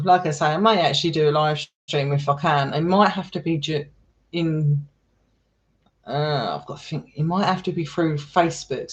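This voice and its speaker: A man chatting casually with his live stream viewers, affectionate and talkative, calling people darling and sweetheart. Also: a little high. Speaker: live streamer and paranormal explorer.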